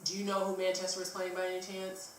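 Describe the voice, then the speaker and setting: A woman's voice: lowish voice, completely flat delivery, fast. A woman vlogger telling a travel story in a rambling, casual way, with lots of fillers and some swearing. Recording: echoey room, distant mic.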